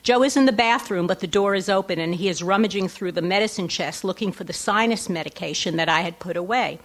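A woman's voice: medium pitch, quick pace. Middle-aged woman author, wry live reading of her own essay, asides to the crowd. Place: lecture hall before an audience.

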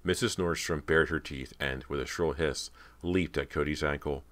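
Man with an extremely deep voice narrating horror. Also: steady tone, moderate pace, a bit bright. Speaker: audiobook narrator.

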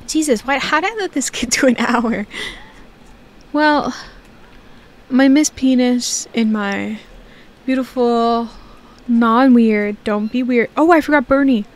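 Talking slowly and leaving long pauses, this young gaming video creator keeps up a casual, joking commentary to herself during play. Her pitch is fairly high.

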